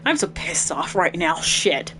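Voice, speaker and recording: A woman reading game lines aloud as a hot-headed, foul-mouthed young male gang leader, gruff and swearing. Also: on the low side, big pitch swings, measured pace, pushed and bright, a little hiss or hum, full character voice. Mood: angry.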